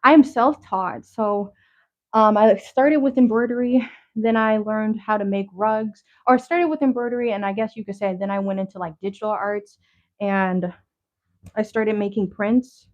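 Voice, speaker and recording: A woman's voice: mid-range voice, normal speed, a little mellow. A woman hosting a casual livestream, chatting to viewers with lots of fillers and slang, a little out of breath. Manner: chatty and rambling, many fillers and restarts. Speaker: livestream host showing handmade crafts. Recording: slightly dull lo-fi stream audio.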